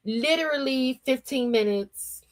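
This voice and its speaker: Streamer, female, New Jersey accent, slangy casual chatter, slightly high voice. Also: unhurried. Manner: chatty, slangy, laughs often, reads chat aloud. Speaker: livestream host. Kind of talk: casual morning livestream chat.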